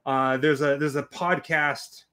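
A man chats casually on a livestream, stumbling and restarting his sentences as he goes. His voice is bright and sits a little high. He reads viewer comments aloud between stories. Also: fairly even intonation. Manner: halting, restarts often, reads chat aloud. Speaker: co-host of a livestream watch party.

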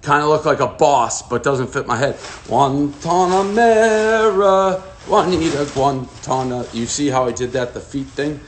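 A man's voice: mid-range voice, fairly even intonation, brisk, few pauses, slight background noise. A man giving profane, jittery running commentary as he unboxes packages on a casual livestream. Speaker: host unboxing fan mail.

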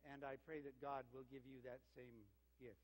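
A man's voice: mid-range voice, moderate pace. An older man, an interim senior pastor, telling a story in a sermon with anecdotes. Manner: warm storytelling with lively quoted exchanges. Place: church sanctuary. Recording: reverberant church sanctuary.

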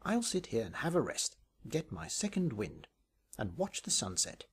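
A man voicing a greedy, plump boarding-school boy with a squeaky, piping voice and an eager, hopeful manner. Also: sing-song, moderate pace, breathy edge.

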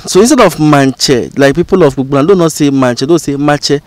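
A man teaching an informal lesson as a channel host, explaining slowly and repeating example phrases. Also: fairly high pitch, expressive, a little mellow, no room sound. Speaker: language educator and channel host.

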